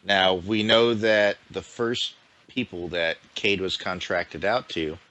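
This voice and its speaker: A man's voice: low-pitched, steady tone, slow, bright, forceful tone. A man co-hosting a casual gaming podcast, joking and swearing casually. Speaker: podcast co-host.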